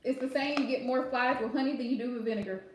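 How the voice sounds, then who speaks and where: Live reader, woman, high and chatty, frank and familiar, heavy room echo. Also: fast talker, a little hiss or hum. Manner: chatty, direct, laughs often, calls viewers pet names. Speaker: live tarot reader answering viewer questions. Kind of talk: casual live-stream advice chat. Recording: very echoey room.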